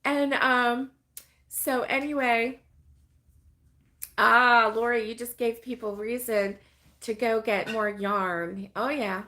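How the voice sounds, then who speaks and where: A woman's voice: a little high, fairly even intonation, slow pace, long pauses, pushed and bright. A middle-aged woman hosting a casual crochet chat, rambling with many fillers and laughing often as she reads viewer comments. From United States. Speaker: host of a crochet live stream.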